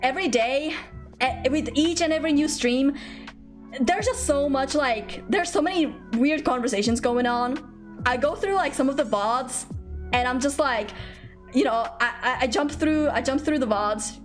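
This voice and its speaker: A woman's voice: sits high, normal speed, soft background music. A young woman streaming from home, chatting casually and playfully, giggling often, rambling and thanking viewers for gifts. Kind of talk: casual live-stream chat. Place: home room.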